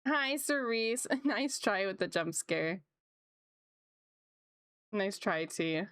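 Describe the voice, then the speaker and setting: A woman art streamer chats casually with her viewers at her home streaming setup, upbeat and quick to laugh, her pitch leaping up when something excites her. Her voice is smooth and clear on a close desk mic with a dry sound, though she has a slight cough from a coming sore throat. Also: no room sound. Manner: chatty and upbeat, laughs often, voice jumps high when excited. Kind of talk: casual chat with live chat viewers.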